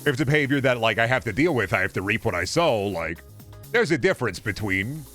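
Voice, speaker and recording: A man's voice: medium pitch, animated, fast, a bit bright, soft background music. A man streaming a game, chatting casually in a rambling, profane, jokey way.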